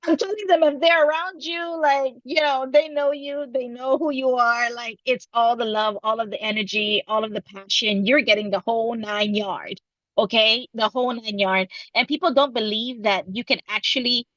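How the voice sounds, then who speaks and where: A high-voiced woman speaks as a guest coach on a livestream, full of enthusiastic praise with a few halting starts. Her audio sounds dry and dull, as if it comes over a remote link. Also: steady tone, fairly bright tone, no echo. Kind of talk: casual livestream chat.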